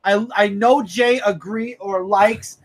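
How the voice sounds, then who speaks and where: A man co-hosting a casual comic book review chat, animated and emphatic, often repeating himself and breaking into shouts. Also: sits high, slow pace. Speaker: comic book podcast co-host.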